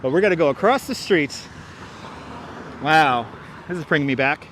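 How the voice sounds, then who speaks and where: A male livestream host strolls a city street, talking through a wireless clip-on mic in a casual, rambling way and often repeating himself. His voice is on the high side, expressive and a bit bright, at a moderate pace with long pauses, plus a little hiss or hum.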